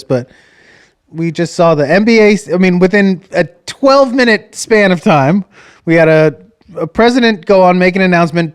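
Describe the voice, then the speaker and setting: A man with a high, smooth voice co-hosts a podcast. He talks in casual comedic chat, putting dry questions and rambling on. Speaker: podcast co-host.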